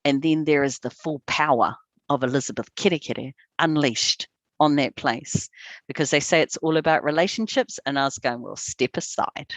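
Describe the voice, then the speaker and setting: A woman's voice: low voice, moderate pace, no echo. A woman member of parliament speaking on a video call, passionate and defiant, telling her story with emphasis. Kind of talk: panel conversation over video call.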